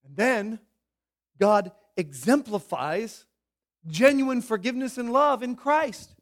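High-voiced man preaching with swings in loudness. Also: takes it slowly. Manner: animated preaching, swings between loud emphasis and quiet asides. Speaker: pastor. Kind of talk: sermon.

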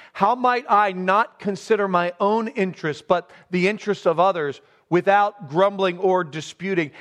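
High-voiced male preacher, earnest and slow-stressed. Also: a bit bright. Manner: earnest, stresses key words slowly, asks rhetorical questions. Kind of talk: sermon.

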